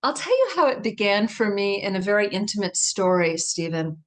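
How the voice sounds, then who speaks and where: A middle-aged woman speaks in a reflective, intimate storytelling voice at an ordinary pitch. She guides the listener through a personal story with soft pauses, like a guest in a conversation. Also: very animated.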